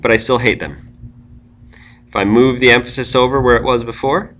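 A man's voice: mid-range voice, steady tone, fairly quick, fairly bright tone. A man giving a screencast tutorial on web pages, explaining step by step and thinking aloud as he types.

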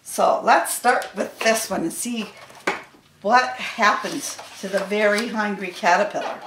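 A woman reading picture books aloud to children at a library story hour, slow and expressive, with playful animal sounds. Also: mid-range voice, background noise. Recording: echoey room.

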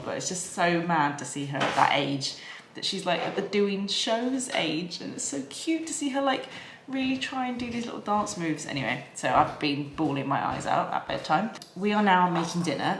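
A woman in her thirties chatting excitedly to her camera at home, her talk full of "like" fillers. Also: low voice, vocal fry. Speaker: lifestyle vlogger. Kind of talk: casual vlog chat to camera. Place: home, kitchen and upstairs rooms. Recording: roomy home audio with background noise.

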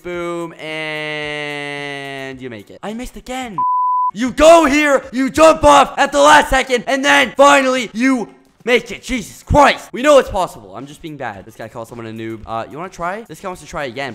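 A young man hosting a gaming video, giving excitable commentary that swings between loud bursts and low mutters. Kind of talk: gameplay commentary.

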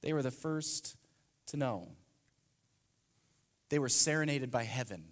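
A man in his thirties preaching a sermon in an animated, emphatic way with playful asides. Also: mid-range voice, unhurried. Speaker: pastor. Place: church sanctuary. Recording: long reverb of a large church hall.

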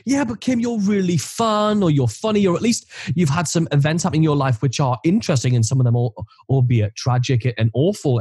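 Chatty male podcast host, higher husky voice, lively delivery. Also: no room sound. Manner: chatty, playful questioner. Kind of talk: casual interview chat.

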